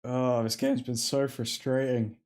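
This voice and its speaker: A man's voice: medium pitch, little pitch movement, unhurried, a little mellow. A man hosting a live football watchalong, reacting to the play as it happens and chatting with his viewers. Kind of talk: live match commentary and fan chat.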